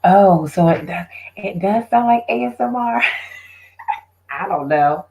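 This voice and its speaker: A woman's voice: mid-range voice, animated, slow pace, gravelly, dark tone, poor audio. A woman hosting her own live stream, chatting casually and directly with her viewers. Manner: chatty, talks straight to viewers.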